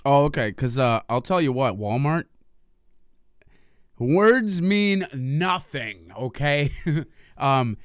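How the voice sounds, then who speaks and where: Smooth-voiced joking podcast man. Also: mid-range voice, unhurried, no echo, studio quality. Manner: joking, laughs often, swears freely. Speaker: podcast co-host. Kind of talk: casual podcast chat.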